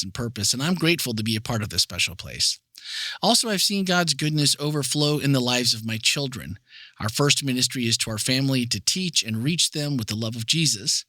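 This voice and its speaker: A man's voice: medium pitch, sharp tone, dry recording. A man hosting a church podcast in an upbeat, chatty way, reading listener messages and running a giveaway. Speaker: podcast host. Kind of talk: casual chat, hosting.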